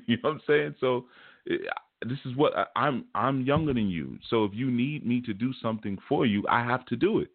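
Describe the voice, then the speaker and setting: A man hosting a show, telling a story in a relaxed, rambling way and acting out what people said. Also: medium pitch, normal speed, no room sound. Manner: relaxed storytelling, repeats "man", acts out quotes. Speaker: spiritual teacher and show host. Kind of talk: casual monologue. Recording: dry phone-like sound.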